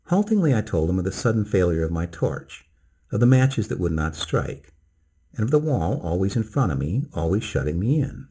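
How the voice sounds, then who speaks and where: A man narrating a bedtime story in the first person, slow, measured and dramatic. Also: deep voice, very animated, dark tone, breathy edge.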